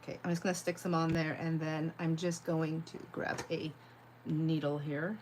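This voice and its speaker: A woman's voice: low voice, level tone, moderate pace, darkish tone, a little hiss or hum. A woman hosting a casual crafting livestream, chatting as she works, often laughing and answering viewers' comments. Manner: rambling and chatty, heavy on "like", laughs easily; reads viewer comments aloud and answers them.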